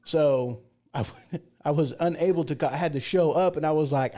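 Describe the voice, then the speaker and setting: A man's voice: a little high, normal speed, mellow. A man hosting a casual livestream talk show, chatty and folksy, rambling through asides and jokes. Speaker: show host.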